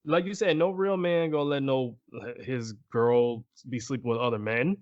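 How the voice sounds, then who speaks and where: A man's voice: medium pitch, steady tone, moderate pace, dry recording, muffled recording. A man co-hosting a podcast in casual chat, telling stories and laughing often. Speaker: podcast co-host.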